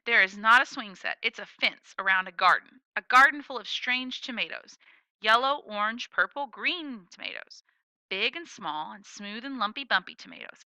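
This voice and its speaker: A woman narrating a children's story in the first person, playful and expressive. Her very bright voice is crisp and rises and falls freely, and the sound is dry and close. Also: on the high side, no echo, low-quality recording. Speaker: audiobook reader.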